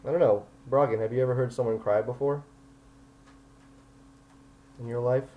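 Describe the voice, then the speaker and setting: A man's voice: mid-range voice, fairly even intonation, moderate pace, muffled recording, a little hiss or hum. A man running a tabletop game as game master, narrating scenes in an easygoing, chatty way.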